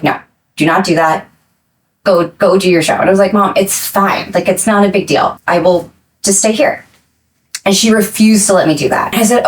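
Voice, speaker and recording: A young adult woman speaking as a podcast guest, earnest and reflective, rushing some phrases and slowing on others. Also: mid-range voice, rough recording. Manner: earnest and reflective, quick bursts between slow phrases. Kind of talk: candid interview talk.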